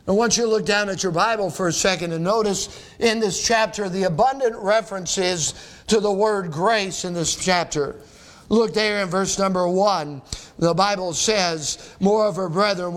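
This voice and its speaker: A middle-aged man preaching a sermon as pastor, reading scripture aloud and asking the congregation rhetorical questions. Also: high-pitched.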